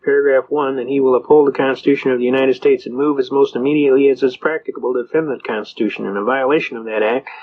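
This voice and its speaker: An older man speaks in a folksy, storytelling way at a mid-range pitch, leaning into anecdotes and acted-out exchanges as he lectures. The recording sounds dull and lo-fi, with its highs rolled off. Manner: folksy storyteller, acts out dialogue in quotes. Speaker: seminar speaker on constitutional rights.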